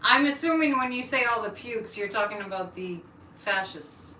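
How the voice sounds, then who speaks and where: A woman's voice: a little high, moderate pace, sharp tone, far from the mic, a little hiss or hum. A woman hosting a psychic livestream, chatting with viewers and launching into political rants. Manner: chatty, ranting political asides. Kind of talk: live-stream chat, reading comments. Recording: echoey room, mic set back.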